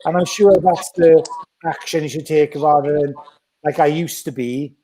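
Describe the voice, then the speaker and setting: A man's voice: a little high, normal speed. A man talking bluntly and energetically in a casual podcast chat. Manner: blunt, animated, acts out quoted voices.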